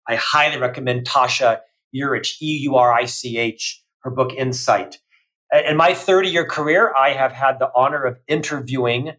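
A middle-aged man, a guest on a podcast, talking loudly and emphatically in energetic bursts of lists. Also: medium pitch, rough recording. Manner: loud, emphatic, listing in bursts. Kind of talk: energetic interview talk.

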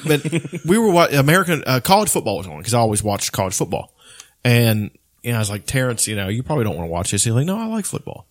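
A man's voice: mid-range voice, animated, quick pace, no echo, studio quality. A man in casual podcast chat, telling rambling stories full of restarts and swearing. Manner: rambling storyteller, swears often, many restarts.

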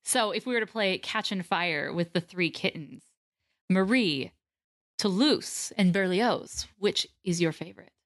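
A woman's voice: lowish voice, expressive, measured pace, dry recording, clean studio sound. A woman from the United States co-hosting a podcast, chatting casually about a movie and laughing often. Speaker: podcast co-host.

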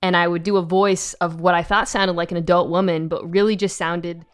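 A woman guest in casual podcast chat, talking in a flat, dry way. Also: on the low side, fairly quick, smooth. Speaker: football analyst guest.

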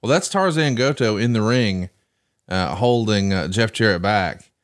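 A man's voice: lowish voice, animated, measured pace. Man spinning long wry stories. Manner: long wry storytelling asides. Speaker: podcast co-host. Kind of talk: casual chat.

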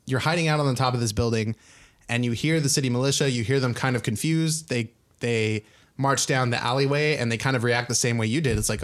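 A man's voice: mid-range voice, fairly quick. Laid-back young man running a game. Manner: loose, filler-heavy narration with lots of "like" and "um". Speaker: game master. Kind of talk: narrating a tabletop game.

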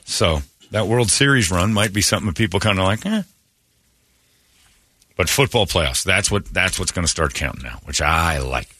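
A man's voice: sits low, lively intonation, normal speed, pushed and bright, breathy edge, dry recording. A man hosting a morning radio show, ranting with sarcastic, opinionated jabs. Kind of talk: casual morning radio rant.

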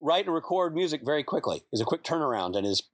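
A man's voice: on the high side, fast talker, no echo, studio quality. A man with a slight lisp and loose diction, a podcast guest talking casually and poking fun at himself. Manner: self-deprecating, animated storyteller.

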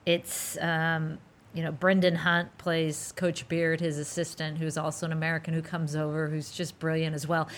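Lively, gushing woman podcast co-host. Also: low voice. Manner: animated and gushing, quick bursts of enthusiasm. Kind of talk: casual podcast chat.

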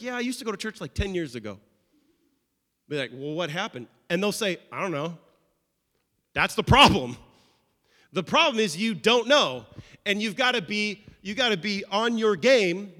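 A man preaching a sermon as pastor, conversational and animated with playful asides. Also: high voice. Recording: long reverb of a large hall.

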